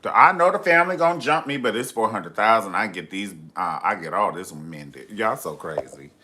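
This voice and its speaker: A man's voice: lowish voice, expressive, normal speed, bright, forceful tone. A man hosting a live reality TV review, talking in a sassy, campy, gossipy way. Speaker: host of a live review show.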